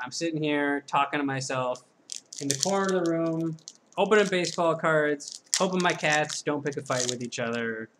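A man's voice: fairly high pitch, normal speed, a bit bright, slight background noise. A man hosting his own channel, casually talking to himself while opening packs, self-deprecating and chatty, from the corner of a room at home. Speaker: card-breaking channel host. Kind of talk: casual solo pack-opening commentary.

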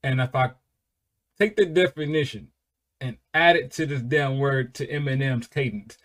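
A man hosting a casual music reaction video, swearing freely and breaking into loud, high-pitched laughing excitement. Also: moderate pace. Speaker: reaction channel host.

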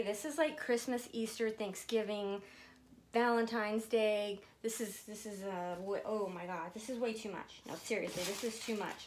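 Chatting casually to the camera, a woman vlogs herself unboxing gifts, gushing, emotional, and at times tearful. She speaks slowly, drawing her words out, in a mid-range voice with slight background noise.

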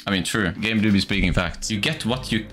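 A man streaming a game in casual commentary, excitable, swearing often and laughing a lot. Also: lowish voice, brisk. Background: game music.

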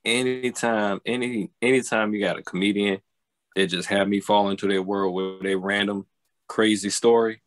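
A man's voice: lowish voice, steady tone, normal speed, no echo. A man co-hosting a podcast, chatting casually with lots of hesitations and fillers. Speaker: podcast co-host.

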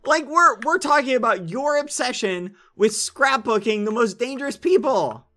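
A man's voice: very high voice, animated, moderate pace, sharp tone. A man streaming a game, arguing in comedic in-character role-play with an indignant, insistent, dramatic manner.

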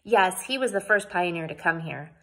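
A woman reading aloud and voicing an excited, chattering little girl who speaks proudly and bluntly. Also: on the low side, normal speed, exaggerated voice. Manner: eager, breathless chatter.

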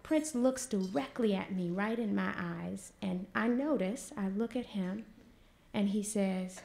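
Gravelly woman telling a story. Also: mid-range voice, measured pace. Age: 40s. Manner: animated, vernacular, acts out quotes loudly. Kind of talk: live stage storytelling. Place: stage before an audience.

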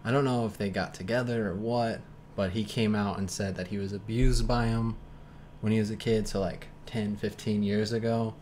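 The man's voice sits lowish and a little mellow, with fairly even intonation and a moderate pace. He hosts a podcast on a streaming mic, with a little hiss or hum, casually rambling about movie trailers amid many fillers and moments of self-doubt.

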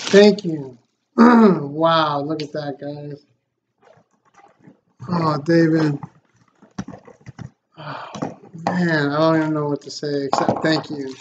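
Casual vlog host, male, slow, excitable and grateful; dull lo-fi recording. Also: high-pitched. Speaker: fishing channel host. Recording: slightly dull lo-fi sound, faint noise.

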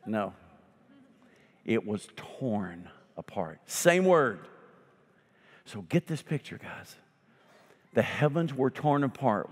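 A male pastor delivering a sermon, swinging between loud emphatic lines and slow hushed ones, with folksy humorous asides. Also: medium pitch. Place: church sanctuary. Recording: long hall reverb.

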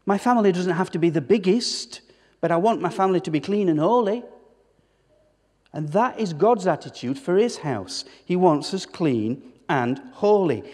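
A male pastor delivers an emphatic sermon, firing rhetorical questions at his congregation. His voice sits fairly high for a man. The sound rings with the long reverb of a church hall. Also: a little mellow, breathy edge. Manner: emphatic preaching with rhetorical questions and repeated words.

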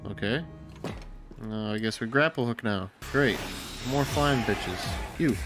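A man giving casual, excitable gameplay commentary with plenty of cursing and trash talk, his nose stuffy. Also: lowish voice, a little slow. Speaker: gaming video creator. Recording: game music behind.

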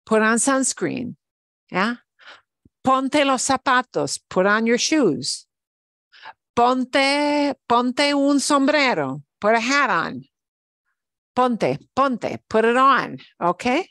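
A woman teaching a beginner Spanish class, explaining commands in English and repeating each Spanish word slowly and patiently. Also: fairly high pitch, sing-song, a bit bright, no echo. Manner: switches between English explanation and Spanish examples. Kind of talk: online language lesson.

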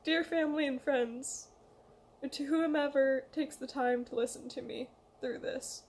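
Emotional young woman, high voice. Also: steady tone, unhurried. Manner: emotional, hesitant, pleading, reads a letter aloud. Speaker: vlogger. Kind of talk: emotional personal confession.

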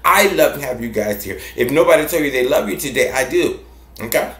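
A man hosting a casual gardening vlog, gushing affectionately at his viewers and repeating himself. His gravelly voice leaps up and down in pitch. He sounds like he is in an echoey room at home. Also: animated, fairly quick, a bit bright. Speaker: gardening channel host.

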